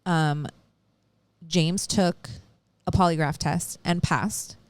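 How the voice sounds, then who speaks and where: A woman with a fairly low voice recounts a true-crime case in easygoing chat, slipping into the voices of the people she quotes. Her delivery is animated and blunt, with casual swearing. The sound is close and dry, with no room around it. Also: takes it slowly, no room sound. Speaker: podcast co-host.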